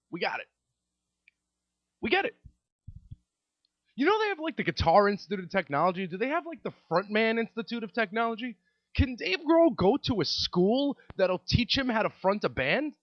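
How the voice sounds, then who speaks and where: A man's voice: high voice, no room sound. A man hosting a comedy podcast, ranting sarcastically and repeating his points. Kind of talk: comedic rant. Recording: dry, dull lo-fi sound.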